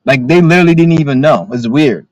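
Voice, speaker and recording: This young vlogger's voice is a little high with a darkish tone, and he talks fast and expressively to the camera from his car. His storytelling is casual yet agitated, blunt, rambling, and full of swearing, captured on a rough recording with no echo.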